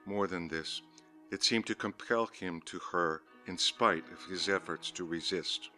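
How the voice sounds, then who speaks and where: A man's voice: deep voice, sharp tone. Man narrating gothic horror over faint music. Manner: measured, ominous, lingering on words. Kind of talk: dramatic audiobook reading of a horror story.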